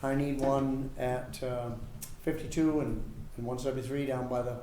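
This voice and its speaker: A man, a former town official, giving an informal report at a public meeting, halting with many fillers and restarts. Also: medium pitch, flat delivery, warm tone. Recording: echoey room, faint hum.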